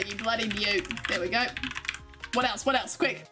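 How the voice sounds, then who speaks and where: A woman's voice: a little high, moderate pace, loud music behind the voice. A young Australian woman streaming from home, chatting in a bubbly, rambling way and often giggling. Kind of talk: casual live-stream chat.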